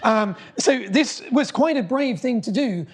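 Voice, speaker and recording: A man's voice: very high voice, expressive, a little slow. A middle-aged man gives a public talk in a lecture hall. He speaks with eager enthusiasm, often stumbling and restarting as he builds up each story. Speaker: mathematician giving a public talk. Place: lecture hall before an audience.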